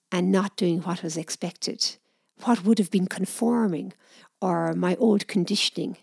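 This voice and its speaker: Gentle, gravelly middle-aged woman. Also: medium pitch, dry recording, clean studio sound. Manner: gentle, soft-spoken, unhurried. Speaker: speaker sharing personal experience. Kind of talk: reflective personal storytelling.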